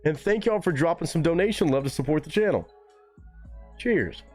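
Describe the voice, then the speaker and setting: A young man hosting a live music reaction stream, talking casually and excitedly to his chat with plenty of swearing. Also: a little high, normal speed. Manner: excitable, profane, talks straight to chat.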